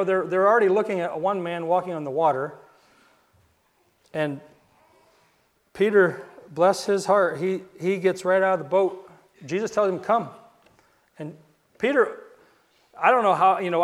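A man with a high voice preaches a sermon in a loose, conversational storytelling way. He restarts phrases and repeats words, and he lowers his voice to a hush at the dramatic moments.

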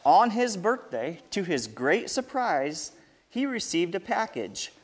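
Slow and high-voiced, a man reads a story to children with lively energy, frequently stopping to ask them questions.

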